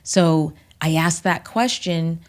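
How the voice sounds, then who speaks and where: Low, deep-pitched woman guest, a voice coach, deliberate and emphatic, slipping into near-whispers. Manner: measured and emphatic, drops at times into a whisper. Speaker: voice teacher and author. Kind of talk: reflective podcast interview.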